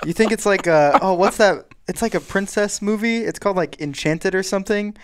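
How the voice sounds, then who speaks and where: A man's voice: high voice, a little fast, a little hiss or hum. A young man co-hosting a podcast, chatting casually and wryly, often laughing. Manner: laughing, wry. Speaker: podcast co-host. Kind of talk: casual chat.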